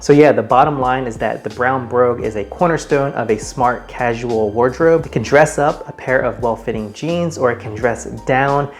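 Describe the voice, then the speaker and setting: Upbeat man presenting a style vlog. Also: medium pitch. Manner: upbeat, chatty and informal, shows shoes while explaining. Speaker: men's style vlogger. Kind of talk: casual presenting to camera.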